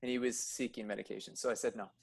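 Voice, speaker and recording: Man, emergency room nurse, casual podcast chat, middle pitch, filler-heavy, animated storytelling. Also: fast, creaky, husky. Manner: animated storyteller, filler-heavy, gets loud and high when agitated.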